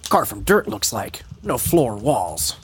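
A man voicing a gruff, terse male soldier-spy, growling clipped fragments in a low gravelly voice. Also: very animated, slow, full character voice. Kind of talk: comic impression reading posts.

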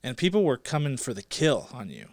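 A man's voice: mid-range voice, huge pitch swings, a little fast, dry recording, studio quality. A man co-hosting a casual movie podcast, playful and teasing, laughing often. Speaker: podcast co-host.

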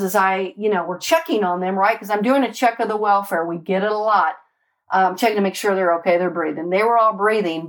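Animated woman detective telling stories. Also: on the low side. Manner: animated, emphatic, swears, peppers speech with "right?" and "like". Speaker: homicide detective and former street officer. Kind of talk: casual storytelling in conversation.

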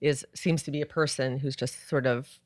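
A woman co-hosts a podcast with deadpan, dry humor. Her voice sits quite low, and she keeps her delivery flat and understated. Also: moderate pace, no echo. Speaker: podcast co-host. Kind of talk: casual chat recapping a TV episode.

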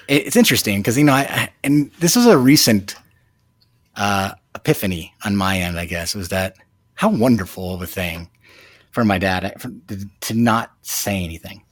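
A man in his thirties, a new father, telling a personal story in a reflective, halting way with many fillers. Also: on the low side, lively intonation, no echo, studio quality. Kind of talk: casual storytelling.

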